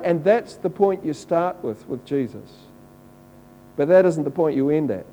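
A man's voice: fairly high pitch, lively intonation, unhurried, warm tone, low-quality recording. A man preaching a conversational, earnest sermon and quoting scripture. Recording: faint mains hum.

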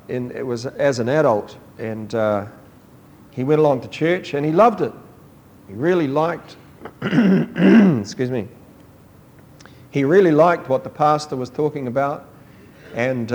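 A man's voice: mid-range voice, darkish tone, a little hiss or hum. Conversational male pastor preaching. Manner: conversational storytelling, acts out dialogue, frequent asides. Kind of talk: sermon.

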